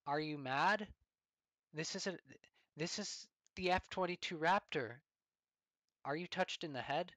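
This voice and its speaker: An offended middle-aged scholar, put on by a man declares his claims loudly and with total conviction. The voice is pushed noticeably higher than the speaker's own and stays earnest and insistent. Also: measured pace, pauses often, no room sound. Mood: indignant.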